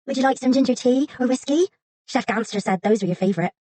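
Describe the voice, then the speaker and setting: Woman voicing a tiny, overjoyed teen assistant, excitable and sing-song; dry, close read. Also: a little high, fast, no echo, voice pushed up, natural voice. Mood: excited. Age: teens. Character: bubbly tiny young woman servant, overjoyed.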